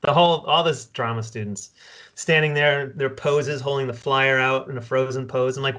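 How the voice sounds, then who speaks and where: A man with a bright, forceful voice hosts a podcast in a relaxed, chatty way. He tells stories and trades quick remarks with his guest. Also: medium pitch. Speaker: podcast host. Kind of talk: casual podcast interview.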